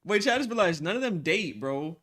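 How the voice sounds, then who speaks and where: A young man streaming live, chatting casually with his viewers in animated slang and laughing often. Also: high voice, a little fast. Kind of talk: casual livestream chat with viewers.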